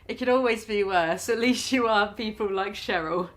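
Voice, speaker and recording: A woman's voice: mid-range voice, normal speed. Woman, British accent, sarcastic comedy commentary host, crude and giggly. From Britain. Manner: mocking, swears freely, laughs often. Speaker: commentary vlogger.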